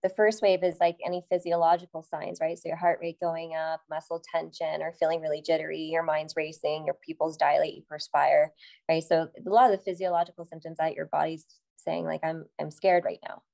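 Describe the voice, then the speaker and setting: A Canadian woman with a slightly low voice, speaking as a therapist guest on a podcast. She explains in a calm, steady way. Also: brisk, gravelly. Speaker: psychotherapist guest. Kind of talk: explanatory conversation.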